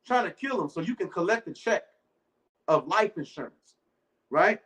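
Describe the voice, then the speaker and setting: Male preacher, high voice, casual rhetorical sermon, reads verses slowly. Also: animated, fairly bright tone, poor audio. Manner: loose, rhetorical, keeps asking "right?"; reads scripture slowly and deliberately. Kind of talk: informal sermon.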